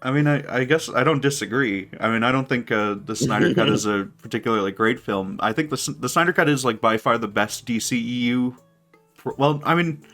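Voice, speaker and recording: A man's voice: medium pitch, brisk, fairly bright tone. A man co-hosting a podcast in casual chat, rambling and hedging his points, with faint music behind. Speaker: podcast co-host.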